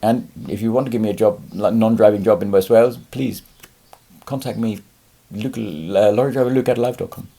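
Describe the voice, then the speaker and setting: A man's voice: fairly low pitch, fairly even intonation, brisk, vocal fry, mellow. A man talking casually to camera as a lorry driver vlogger, rambling with fillers and restarts and swearing freely when he gets angry. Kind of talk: casual vlog monologue.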